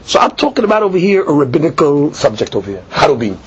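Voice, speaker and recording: High-pitched man, Talmud class teacher, animated debater, muffled lo-fi sound. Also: quick pace. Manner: animated, acts out both sides of the argument. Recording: dull lo-fi recording.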